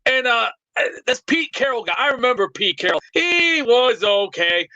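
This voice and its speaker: Brash caller, very high and bright, loud rambling tough-guy bluster on a dull lo-fi internet line. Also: expressive, normal speed, no room sound. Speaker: show caller. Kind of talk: comedic call-in rant. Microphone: remote internet call. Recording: lo-fi internet call audio.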